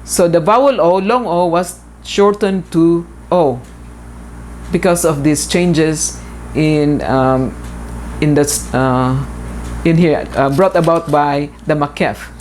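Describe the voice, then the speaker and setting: A woman's voice: low-pitched, slow, darkish tone, slight background noise. A woman instructor giving a recorded lecture, explaining step by step, repeating points with frequent fillers.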